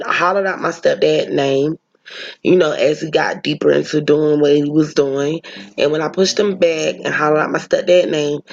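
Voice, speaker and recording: A woman's voice: sits low, dull audio. A woman vlogger telling a personal story, talking earnestly and emotionally straight to her viewers.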